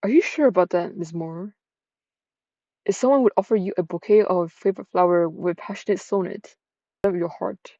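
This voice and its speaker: A woman voicing a formal, romantic young gentleman suitor who speaks in a courteous, flowery way. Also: on the low side, moderate pace, no room sound, highs cut off. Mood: courtly.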